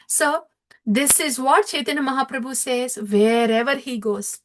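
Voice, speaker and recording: A middle-aged woman delivers a devotional storytelling lecture in a fairly high voice. She speaks very slowly and emphatically, repeating key words for weight and dropping into chanted scripture verses. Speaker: spiritual speaker.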